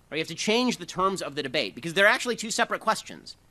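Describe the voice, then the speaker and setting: A man giving a fast, combative talk to a live audience, with sarcastic asides. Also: on the high side, big pitch swings, sharp tone.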